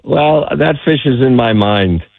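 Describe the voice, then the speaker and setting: A man's voice: medium pitch, animated, measured pace, creaky, no echo. Middle-aged guy on a phone line, fishing guide, rambly stories, dry tinny sound. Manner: chatty storyteller, many restarts. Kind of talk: phone-in radio chat.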